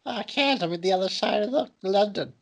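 A woman putting on a high, wheedling impression of a clingy male actor for comic banter. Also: expressive. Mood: creepy wheedling. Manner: wheedling, squeaky, drawn-out.

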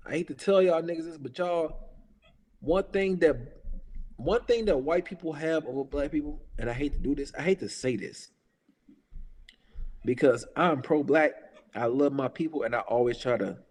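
A man's voice: mid-range voice, moderate pace, pauses often, a little mellow, in a large hall. A man in his thirties ranting in casual talk, heated and profane, repeating his points with emphasis. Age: 30s. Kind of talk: casual political rant.

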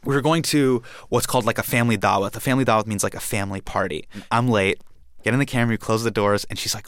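A man from India telling a personal story, acting out the scenes with animated energy. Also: fairly low pitch, quick pace, dry recording.

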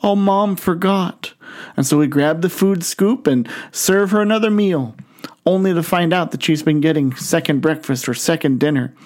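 A male pastor preaching a sermon in a storytelling manner, slowing down and stretching words for emphasis. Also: fairly high pitch, darkish tone.

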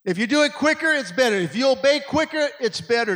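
Sweaty fired-up preacher guy, really high voice, big reverb like a hall. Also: expressive, fast, fairly bright tone. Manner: call-and-response, frequent amens. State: sweating from exertion. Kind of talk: energetic sermon. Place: church.

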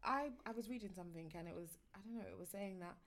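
Woman, podcast co-host, casual chat, quiet, asks questions, agreeable. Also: medium pitch, fast, background noise.

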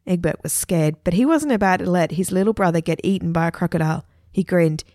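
A woman storyteller reading a children's adventure story aloud with lively expression. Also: on the low side, fairly quick, hardly any pauses, no echo, studio quality.

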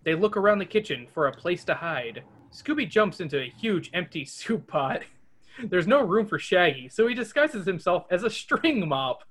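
A man hosting a podcast, reading a children's adventure book aloud with animated asides and character voices. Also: high voice, moderate pace.

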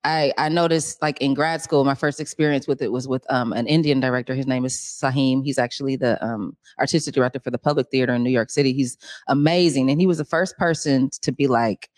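A woman actress talking casually in an interview, laughing often and animated. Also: very deep voice, fairly quick, few pauses, no echo. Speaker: guest actress.

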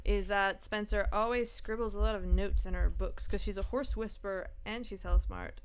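A woman's voice: medium pitch, fairly even intonation, normal speed, clear, resonant tone. A woman co-hosting a casual show recap with wry, sarcastic asides. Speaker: podcast co-host.

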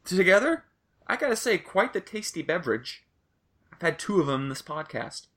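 A man's voice: sits high, very animated, moderate pace, a bit bright. A young man hosting a casual sports podcast, rambling loosely and swearing now and then. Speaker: podcast host.

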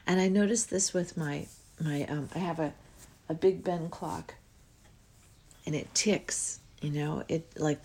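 A woman's voice: fairly low pitch, husky. A middle-aged woman hosting a spiritual podcast, musing dreamily and yawning as she talks. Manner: dreamy, musing, with frequent yawns and soft trailing words. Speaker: podcast host.

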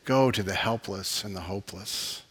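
A man's voice: on the low side, normal speed, slightly rough. A man, a pastor, preaching earnestly and closing in a heartfelt prayer. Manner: earnest, impassioned preaching with soft laughs.

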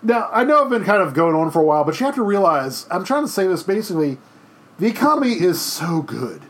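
A man in his thirties lecturing his class from home, chatty and meandering, full of restarts and fillers. His voice sits a little high for a man. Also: sing-song, quick pace, a bit bright. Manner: rambling, conversational, many fillers and restarts. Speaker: teacher. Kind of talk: recorded history lecture. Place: home during quarantine.

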